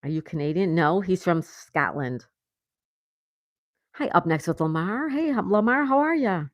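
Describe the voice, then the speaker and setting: A woman's voice: fairly low pitch, lively intonation, moderate pace, no echo. A woman hosting a casual livestream, reading viewer comments aloud and laughing often. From United States. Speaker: livestream host. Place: home in Florida.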